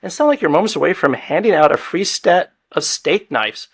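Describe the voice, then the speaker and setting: Male game show host, a touch high-pitched, quick with a joke while reading cards. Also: animated, gravelly, fairly bright tone, slightly rough. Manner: wisecracking, reads prompts aloud. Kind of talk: joking podcast game show banter.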